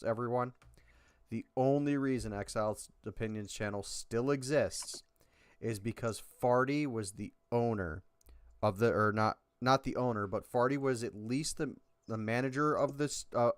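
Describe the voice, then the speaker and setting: A man hosting a stream, chatting casually in a rambling, self-correcting way and joking about his low viewer count. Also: clear, resonant tone, no echo. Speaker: stream host. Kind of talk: casual chat.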